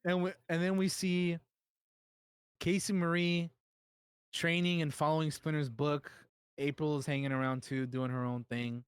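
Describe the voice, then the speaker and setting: Excitable young man, dry close mic. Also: on the high side, unhurried, long pauses, smooth, no room sound. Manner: excited retelling, casual swearing. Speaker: podcast co-host. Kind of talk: casual chat.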